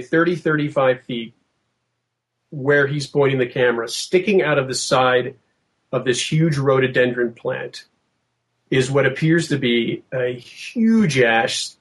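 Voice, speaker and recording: A man recounting a tense field investigation in casual storytelling, lively and quoting himself, with frequent restarts. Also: medium pitch. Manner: animated, acts out quotes, many restarts.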